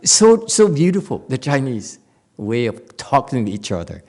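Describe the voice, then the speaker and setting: A man's voice: mid-range voice, sing-song, normal speed, dark tone. A man with a Korean accent giving a dharma talk as a Zen master, playful, telling stories and laughing often.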